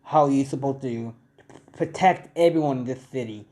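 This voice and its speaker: Man voicing an aloof teen boy hero, cold, flat and dismissive, mellow voice, fan audio story. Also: medium pitch, normal speed, close to an everyday voice.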